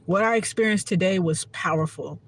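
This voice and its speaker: A woman's voice: lowish voice, moderate pace. A woman giving a heartfelt, profane casual monologue to her viewers as a spiritual content creator.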